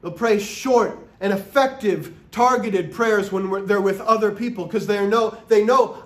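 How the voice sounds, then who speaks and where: Pastor guy preaching, high voice, slow and deliberate, kinda echoey church sound. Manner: earnest, emphatic preaching with rhetorical questions. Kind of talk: sermon. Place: church sanctuary.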